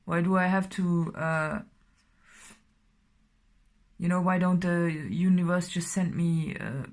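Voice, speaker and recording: A woman's voice: lowish voice, steady tone, slow. A woman doing a casual tarot reading, talking in a rambling way with many fillers and sometimes dropping to a whisper. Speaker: tarot reader.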